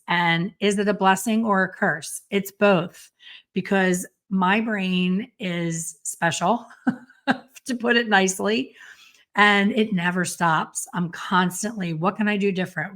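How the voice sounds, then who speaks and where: A woman's voice: fairly low pitch, a bit bright. Chatty woman hairstylist hosting a podcast. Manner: chatty and self-deprecating, quick asides. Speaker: podcast host and hairstylist educator. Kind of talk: casual solo podcast talk.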